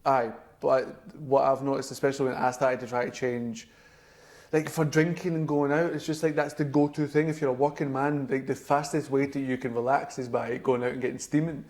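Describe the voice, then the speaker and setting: A man's voice: mid-range voice, level tone, fairly quick, a little mellow. Sweary young Scottish man, blunt chat. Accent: West of Scotland. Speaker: podcast co-host. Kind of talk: casual chat.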